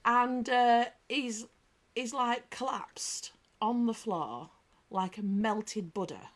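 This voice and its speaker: A woman's voice: on the high side, takes it slowly. Chatty British woman hosting a livestream. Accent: British English. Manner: chatty, bantering, reads comments aloud; lively anecdotal storyteller. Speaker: livestream host. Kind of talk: casual live chat.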